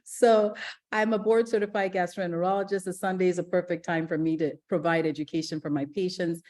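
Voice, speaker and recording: A middle-aged woman from Ghana, a gastroenterologist giving a lively online masterclass, chatty and energetic, with fillers and restarts. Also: lowish voice, fairly quick. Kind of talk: live online masterclass talk.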